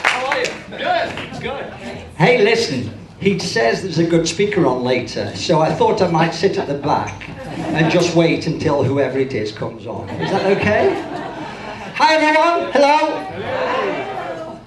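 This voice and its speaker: A man's voice: high-pitched, sing-song, measured pace, pauses often, crowd noise, background noise. An older man from Birmingham, England, with a Birmingham accent, giving a joking, self-deprecating keynote talk to a conference audience. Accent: Birmingham English. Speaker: motivational speaker. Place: large conference hall with audience. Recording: echoey hall sound.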